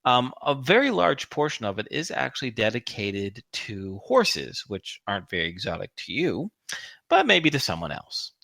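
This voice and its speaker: Playful gravelly game master man. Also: medium pitch, sing-song, moderate pace, pushed and bright, no echo. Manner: playful, teasing, laughs often. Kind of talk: narrating a tabletop game.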